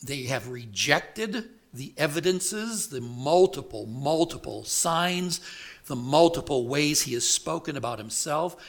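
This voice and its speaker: A male preacher delivering an expository sermon, speaking deliberately and emphatically and putting rhetorical questions to the congregation. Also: fairly high pitch, expressive.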